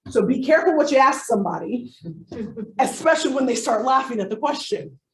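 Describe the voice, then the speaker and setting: A woman giving a live workshop as a coach, animated and playful, with comic asides to her audience. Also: high voice, brisk. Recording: echoey room, distant mic.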